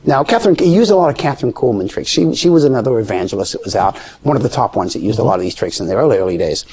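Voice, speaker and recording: A man tells a story in a relaxed interview, his voice sitting at a mid pitch. He is animated and brings the people in his tale to life by jumping up in pitch when he quotes them. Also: very fast, breathy edge. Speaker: guest storyteller. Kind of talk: conversational storytelling.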